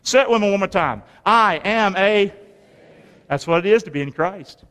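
A man preaching a lively, folksy sermon in a church, calling the congregation to answer back. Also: high-pitched, moderate pace. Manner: folksy, call-and-response preaching. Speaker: pastor. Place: large church sanctuary. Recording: long reverb of a large hall.

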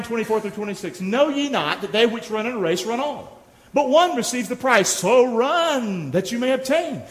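A man's voice: sits high, fairly bright tone. A middle-aged man preaching a sermon as pastor, exhorting the congregation and calling for responses. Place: church sanctuary. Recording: echoey hall, long reverb.

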